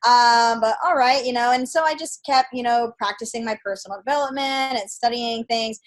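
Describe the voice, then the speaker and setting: A woman in her thirties from Idaho tells her story as a podcast guest. Her voice sits a little high, and she acts out quoted lines with plenty of fillers. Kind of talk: casual storytelling interview.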